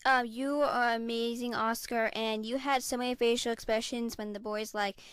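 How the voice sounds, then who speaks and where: Bubbly gal doing cast shoutouts, highish smooth voice, dry close sound. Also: female voice, steady tone, normal speed, dry recording. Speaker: theater cast member giving shoutouts. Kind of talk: casual heartfelt shoutouts.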